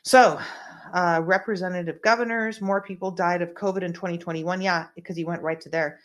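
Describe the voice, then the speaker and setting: A woman's voice: fairly low pitch, steady tone, fairly quick. A woman hosting a casual commentary show in a small room, rambling in a conspiratorial way with many fillers. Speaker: host.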